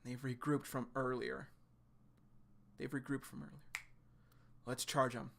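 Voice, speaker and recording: A man voicing a determined teenage boy from a comic who takes charge, speaking low and firm. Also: level tone, unhurried, gravelly, a bit bright, a little hiss or hum.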